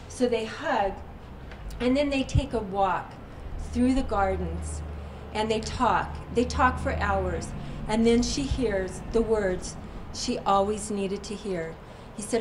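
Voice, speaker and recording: A woman author at a bookstore signing, retelling stories to an audience expressively and slowing down for emphasis. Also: a little high, noisy background. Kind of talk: storytelling talk to an audience. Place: bookstore event.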